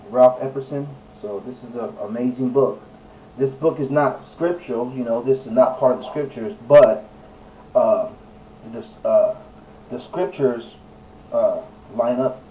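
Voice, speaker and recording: A man's voice: medium pitch, warm tone, far from the mic, slight background noise, poor audio. A man giving a casual scripture talk, preachy and emphatic, with many fillers and self-corrections as he reads and searches online. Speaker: religious video presenter. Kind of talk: casual scripture teaching while reading aloud and searching online.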